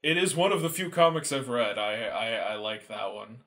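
A man's voice: medium pitch, moderate pace. A man hosting a podcast in a casual chat, hesitant and self-correcting. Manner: relaxed, hesitant, many fillers, self-correcting. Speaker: podcast host.

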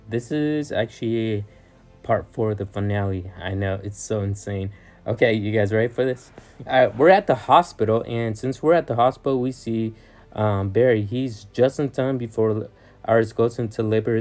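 A man's voice: medium pitch, darkish tone. A man hosting a casual recap of a TV episode, talking in a loose, rambling way with fillers and quoted lines. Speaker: YouTube recap host.

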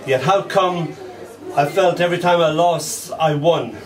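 A man reading his own poems aloud at a live poetry night, slow and deliberate, letting line ends fall soft and quiet. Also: mid-range voice, steady tone, a crowd in the background. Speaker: poet. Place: small poetry venue with an audience. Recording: distant live recording with audience noise. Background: audience laughing and murmuring.

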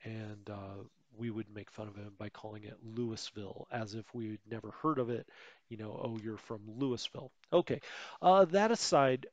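A man's voice: fairly low pitch, moderate pace, no room sound, muffled recording. A man giving casual, rambling commentary over a strategy game he plays, often correcting himself and chatting in asides. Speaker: let's play host.

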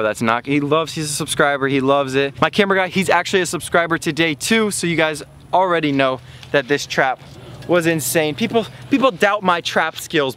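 A young man vlogging outdoors by a pond, excited and hyped, talking to his pet fish and his viewers. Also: a little high, a little hiss or hum. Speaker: fishing vlogger. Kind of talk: casual outdoor vlog talk.

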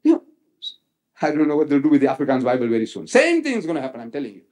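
A man delivers a public religious lecture in a fairly high, very lively voice. He quotes scripture with theatrical flair and repeats key phrases over and over for emphasis. His delivery swings from loud, soaring lines to low, quieter asides. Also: racing. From South Africa.

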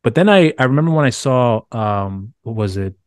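A man's voice: medium pitch, animated, moderate pace, clean tone, dry recording. A man hosting a podcast, asking long rambling questions full of restarts. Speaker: podcast host. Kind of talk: casual interview chat.

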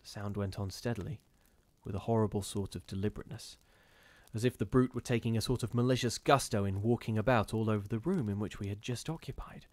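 Low-voiced man reading a ghost story. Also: dry recording. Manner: measured, steady storytelling with brief restarts. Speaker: reader of ghost stories.

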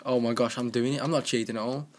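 A young man giving joking, excitable commentary while playing a game, with keyboard clicks in the background. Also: medium pitch, fast, a little hiss or hum. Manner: excitable, joking self-talk. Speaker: gaming commentator. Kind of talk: casual gameplay commentary. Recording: home recording with keyboard clicking.

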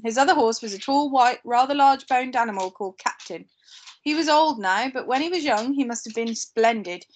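A woman teacher reading a novel aloud to her pupils, steady, with occasional slips and short asides. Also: a little high, brisk, slight background noise.

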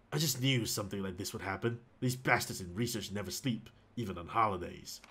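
A man reading a diary aloud as a male animal keeper slowly turning into a zombie, in a flat voice that turns broken and rambling. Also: on the low side, husky, pitched below the performer's own voice. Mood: weary.

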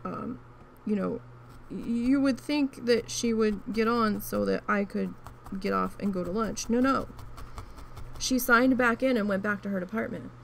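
A woman with a creaky, gravelly edge to her mid-pitched voice tells a story from her working life in a casual, frank way. She talks while crafting, restarting her sentences often. Faint noise sits underneath. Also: measured pace. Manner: chatty, frank, with frequent restarts and swearing. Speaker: crafting vlogger.

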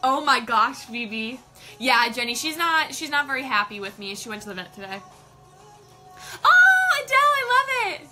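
A woman's voice: sits high, big pitch swings, moderate pace, over music. A woman hosting a casual live stream, bubbly and gushing, greeting viewers by name. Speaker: livestream host.

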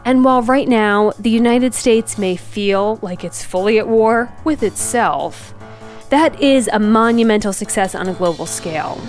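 Woman travel vlogger, high voice, animated storyteller who acts out quotes. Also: a little slow, faint music behind. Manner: animated, self-mocking, laughs often; quotes people in acted voices. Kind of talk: casual storytelling vlog.

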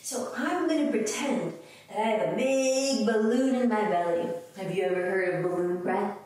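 Her voice is mid-range and a little mellow, delivered at normal speed with lively intonation. She's a kids' yoga teacher leading the lesson in a sing-song, playful tone and making animal sounds with the children, captured from a distance in an echoey room with faint noise.

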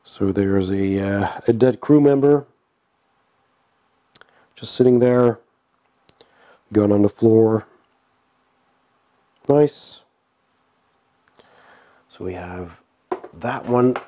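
A man on the low side, nasal and sick with a cold, draws out his words and leaves long pauses while unboxing a board game. His manner is relaxed, full of chuckles and fillers.

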